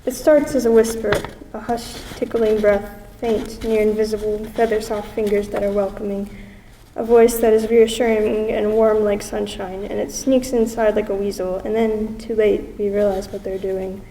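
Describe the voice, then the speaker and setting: A young woman with a gravelly, dark voice reads spoken-word poetry with intense drama, held to a narrow pitch range. She sounds distant from the mic, with a long hall reverb and faint background noise. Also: little pitch movement, moderate pace. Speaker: student poet.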